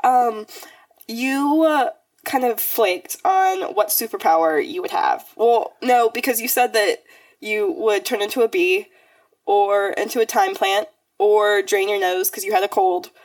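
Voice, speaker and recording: In casual podcast chat, this young female co-host rambles and leans on fillers. Her medium-pitched voice is unhurried, recorded far from the mic without room sound.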